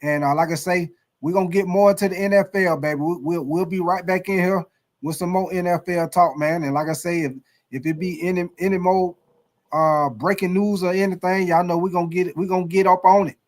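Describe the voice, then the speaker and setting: A man hosting a live sports talk stream in a fairly high voice. He talks loosely and excitably, greeting chatters by name and ending his lines with "man" and "baby.". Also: fairly quick. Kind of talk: casual live-stream chat.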